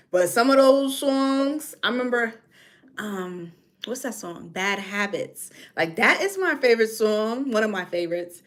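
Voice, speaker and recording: A New York woman with a New York accent chats casually on a livestream, reading comments and drifting between topics. Her voice is medium-pitched and a bit bright.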